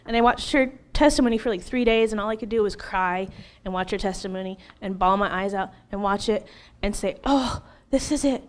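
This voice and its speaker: A middle-aged woman in an interview, telling her personal testimony in an emotional, animated way, laughing often and acting out what she once said. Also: mid-range voice, a little fast. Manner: animated, laughs often, acts out her own past words.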